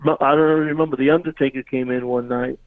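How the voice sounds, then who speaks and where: A man's voice: mid-range voice, steady tone, fast talker, dry recording, phone-quality sound. A man telling a rambling, casual story as a podcast guest, repeatedly saying "you know what I mean".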